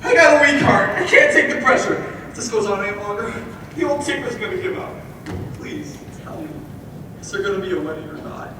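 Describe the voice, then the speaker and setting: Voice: mid-range voice, very animated, a little fast, background noise, close to an everyday voice. A performer playing an anxious male theatre producer who pleads fretfully, on a school musical stage. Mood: pleading. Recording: echoey hall from far off.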